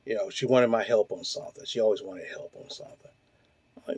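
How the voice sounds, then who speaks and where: This host, a man in his forties, tears through a fiery, expletive-heavy rant, throwing out one rhetorical question after another. He talks quickly in a lowish, slightly rough voice that is warm and mellow rather than bright. The audio is muffled, dry and close-miked, without any room echo.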